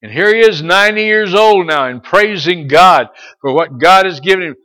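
Fiery pastor with a slightly high voice. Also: male voice. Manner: preaching that swings between soft asides and loud, drawn-out exhortations; calls out to listeners by name. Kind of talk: sermon.

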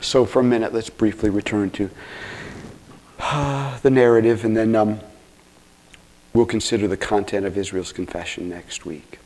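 A man preaching an expository sermon, earnest, with self-corrections and asides, swinging from hushed near-whispers to loud, emphatic exclamations. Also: on the low side, fairly even intonation, moderate pace, long pauses. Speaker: pastor.

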